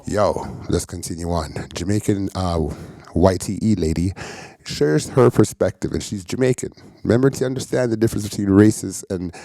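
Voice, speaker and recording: A man with a low, mellow voice talks through clips in a laid-back, chatty way. The sound is close and dry. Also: normal speed, vocal fry, hardly any pauses, no echo. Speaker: host reacting to clips. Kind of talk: casual commentary.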